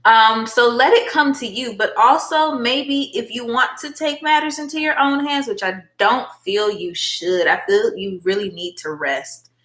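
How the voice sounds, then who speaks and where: A woman's voice: a little high, a little slow, few pauses, fairly bright tone. A woman giving a chatty, affectionate live tarot reading, calling viewers honey and baby girl. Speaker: tarot reader and livestream host. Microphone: phone. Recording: echoey room.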